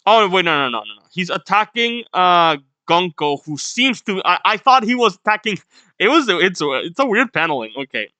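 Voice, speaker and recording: A man's voice: high-pitched, very animated, moderate pace, bright, forceful tone, dry recording. A man reading a comic aloud and reacting casually, blunt and swearing, laughing at the story. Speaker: manga reaction host. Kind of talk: casual read-along reaction.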